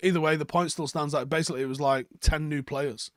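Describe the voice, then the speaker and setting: A man's voice: a little high, fairly even intonation, quick pace, no echo, clean studio sound. Sweary guy ranting over chat. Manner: sweary, rambling, with frequent ums. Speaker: fan channel host reading live chat. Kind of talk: casual live-stream chat.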